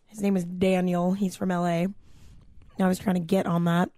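A woman's voice: lowish voice, flat delivery, normal speed, dark tone, no echo, studio quality. A young adult woman hosting a podcast, telling a story in a casual, chatty way with lots of "like" and quoted voices. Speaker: podcast host.

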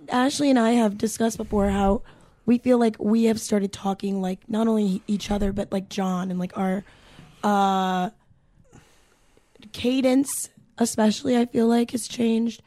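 Mellow-voiced swearing woman co-host. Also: on the high side, dry recording. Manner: swears freely, rambling storytelling. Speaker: podcast co-host. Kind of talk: casual chat.

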